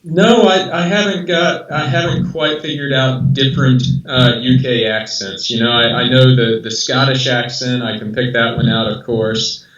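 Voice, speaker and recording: An American man in his thirties, a guest in a casual interview, talking haltingly with many restarts. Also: medium pitch, steady tone, a bit bright, echoey room, recorded from a distance, lo-fi sound. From rural southern United States.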